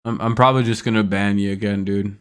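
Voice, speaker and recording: Young man, live-stream host, smooth clear voice, casual and profane, irritated ranting. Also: fairly low pitch, fairly even intonation, quick pace.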